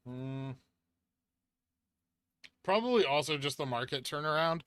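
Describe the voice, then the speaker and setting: A man's voice: on the high side, animated, a little slow, fairly bright tone, clean tone, no echo. A man hosting a casual stock market livestream, answering chat and thinking aloud over charts in an offhand, muttering way.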